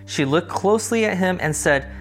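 A man's voice: sits high, expressive, normal speed, faint music behind. A man teaching a Bible study lesson, reading the passage and then explaining it in a conversational way. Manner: conversational, explains context in plain terms.

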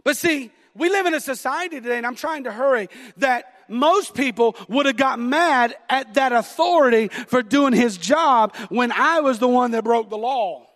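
A man's voice: very high voice, expressive, normal speed, hardly any pauses, fairly bright tone. A middle-aged man with a Southern American accent preaching a sermon, telling a story about himself with self-deprecating laughter. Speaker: pastor. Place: church sanctuary. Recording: long hall reverb.

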